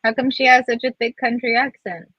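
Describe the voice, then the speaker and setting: A woman's voice: on the high side, fairly even intonation, fairly quick, husky, dry recording, muffled recording. A woman chatting on a live stream, asking curious questions. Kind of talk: casual live-stream chat.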